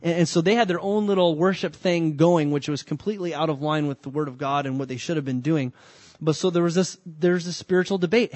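Man, pastor, sermon, conversational preaching, emphatic bursts, slightly high voice, dry close sound. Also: darkish tone, dry recording. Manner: conversational preaching, rising emphatic bursts and slow drawn-out lines.

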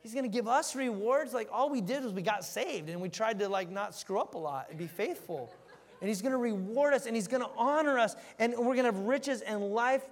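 Male preacher, 30s, high and light voice, conversational joking Bible teaching, long hall reverb. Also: fairly quick. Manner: conversational, joking, animated storytelling. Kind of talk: casual verse-by-verse Bible teaching.

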